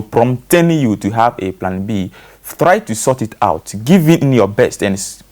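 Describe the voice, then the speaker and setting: A man's voice: lowish voice, darkish tone. A man with a Nigerian English accent, a panel guest on a talk show, explaining at length and leaning on fillers like "you know".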